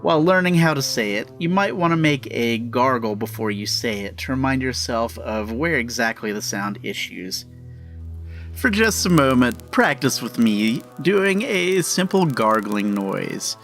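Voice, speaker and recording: A man giving a scripted, instructive narration, speaking deliberately and walking the listener through each step. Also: mid-range voice, animated, fairly bright tone, faint music behind.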